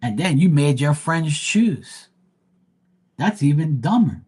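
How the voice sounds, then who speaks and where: A man's voice: fairly high pitch, very animated, takes it slowly, a little mellow, breathy edge. A man reading tarot live, telling a story in a blunt, heated rant and cursing freely. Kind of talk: ranting livestream monologue.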